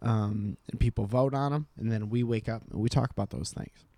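A man's voice: lowish voice, brisk, mellow. A man co-hosting a podcast in loose, casual chat, swearing often and restarting his sentences. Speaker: podcast co-host.

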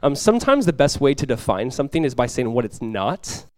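A man's voice: mid-range voice, sing-song, fairly quick, no room sound. A young adult male pastor giving a conversational sermon, joking and acting out little quotes.

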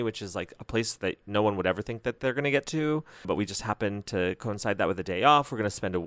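A man co-hosting a podcast in casual chat, excitable and gushing, laughing often. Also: medium pitch, no room sound. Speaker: podcast co-host.

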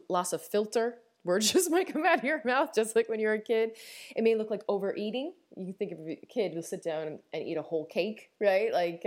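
A woman from Newfoundland with a Newfoundland accent talks through a personal podcast episode in a fairly low voice. She is candid and chatty, laughing often and circling back to restart her sentences. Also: darkish tone. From Newfoundland, Canada. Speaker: podcast host. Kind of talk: reflective personal podcast talk.

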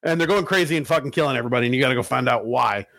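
A man's voice: mid-range voice, rapid-fire, creaky, a bit bright, no echo. A man hosting a casual podcast chat, rambling and profane, with many restarts.

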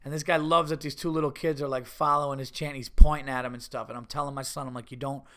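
A middle-aged man telling a rambling, animated story on his podcast, full of restarts and asides. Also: on the high side, fast talker. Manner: rambling, animated, with many restarts and mock voices. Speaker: podcast host. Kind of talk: casual storytelling.

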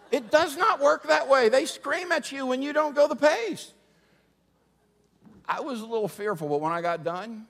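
A middle-aged man preaching a sermon, moving from humorous storytelling to quiet, earnest preaching. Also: very high voice, expressive, normal speed, long pauses. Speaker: pastor. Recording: long hall reverb.

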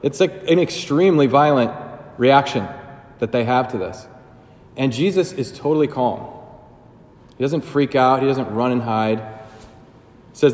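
A man's voice: mid-range voice, measured pace, pauses often, a little mellow, reverberant, long reverb tail. A man giving a sermon as a priest, talking casually and conversationally with fillers and joking asides.

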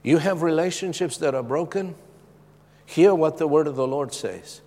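A middle-aged man preaching a sermon with a personal testimony, emphatic and moving between loud urgency and hushed tones. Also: fairly high pitch, moderate pace. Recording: long reverb of a large hall.

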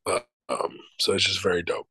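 A man's voice: low voice, moderate pace, pushed and bright, husky, dry recording, low-quality recording. A middle-aged man, an actor and showrunner, answering interview questions in a loose, emphatic way, swearing freely and using many fillers.

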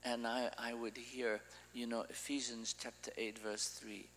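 A man's voice: mid-range voice, level tone, a little slow, a bit bright, long reverb tail, slight background noise, low-quality recording. A man preaching an informal sermon, talking in a loose, conversational way and often restarting his sentences.

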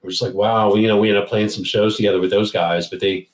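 A man from Maryland, a guest musician, telling rambling, animated stories in a casual interview. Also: fairly low pitch, fast, roomy sound.

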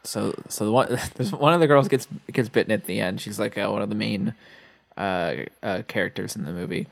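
A man co-hosting a podcast, casually retelling movie scenes with halting, stammering delivery. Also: fairly low pitch, vocal fry, no echo. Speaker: podcast co-host.

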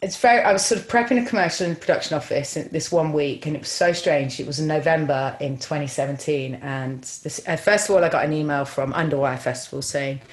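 A low-pitched woman, speaking as a film director in a relaxed interview. She talks in an animated, chatty way, packing her sentences with fillers and quick restarts. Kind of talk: casual interview storytelling.

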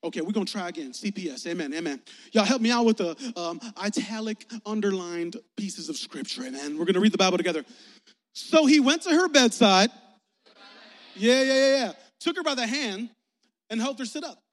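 A man preaching a lively, joking youth sermon in slangy talk, acting out little voices as he tells stories. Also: high-pitched, fast. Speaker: youth pastor. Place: church sanctuary. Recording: long reverb of a church sanctuary.

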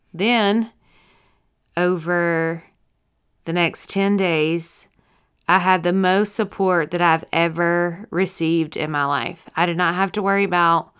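A young woman sharing her stroke recovery as a personal testimony, emotional and halting, full of fillers and restarts, teary and yawning. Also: lowish voice, a bit bright, smooth.

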